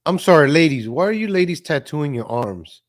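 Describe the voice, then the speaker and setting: A man's voice: on the high side, lively intonation, fairly quick. A man hosting a live stream, reacting to clips with mocking, sarcastic commentary and repeating himself.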